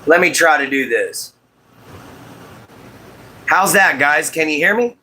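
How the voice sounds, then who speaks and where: A man's voice: a little high, expressive, takes it slowly, bright, forceful tone, a little hiss or hum. A man hosting a casual livestream while making a walking stick, greeting viewers by name and apologizing about his audio. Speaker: livestream host.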